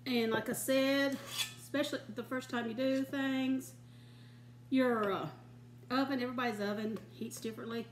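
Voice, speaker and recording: A woman's voice: sits high, fairly even intonation, normal speed, echoey room, a little hiss or hum. An older woman hosting a home cooking show, chatting in a folksy way and giggling often. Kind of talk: casual home cooking demonstration. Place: home kitchen.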